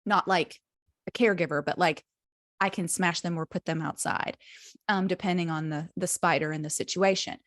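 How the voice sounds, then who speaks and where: A woman's voice: lowish voice, normal speed, no echo. Woman podcast cohost, chatty storyteller, swears a lot, dry close sound. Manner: animated storyteller, swears freely. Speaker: podcast co-host. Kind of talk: casual chat.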